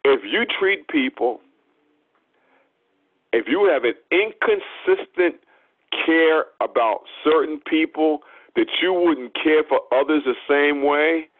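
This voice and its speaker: A man's voice: fairly high pitch, slow, dry recording. A man preaching a sermon, emphatic and repeating phrases for stress. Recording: tinny phone-like sound.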